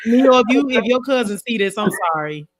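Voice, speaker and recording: A woman's voice: fairly high pitch, lively intonation, a little fast, crowd noise. Teasing woman co-host. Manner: teasing, joking. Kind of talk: casual panel discussion.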